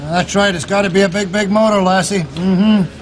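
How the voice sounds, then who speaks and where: Man acting Glaswegian returnee, brash, high-pitched, broad slang, background noise. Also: steady tone, fairly quick, close to an everyday voice. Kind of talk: sketch comedy acting. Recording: noisy TV location sound.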